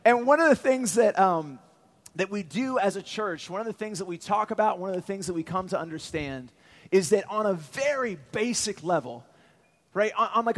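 A man in his thirties preaching a sermon, telling a personal story in an earnest, animated way and calling out to his congregation. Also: on the high side. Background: faint music.

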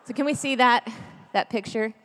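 A woman in her thirties gives a storytelling sermon in a chatty, joking way that turns earnest and hushed. Her voice sits a little high for a woman. It rings with the long reverb of a large hall. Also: moderate pace, slight background noise. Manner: lively, chatty, jokey, then earnest and hushed. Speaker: speaker at a church gathering.

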